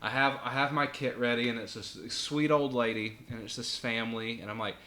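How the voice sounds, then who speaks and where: A man, a podcast guest, telling a casual anecdote with animated delivery, acting out voices and laughing often. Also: medium pitch, a little fast. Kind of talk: casual storytelling.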